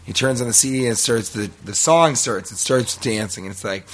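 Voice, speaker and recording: A man's voice: mid-range voice, brisk, a little hiss or hum. Rambling man telling a story. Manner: rambling, animated storytelling with laughs. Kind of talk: casual podcast chat.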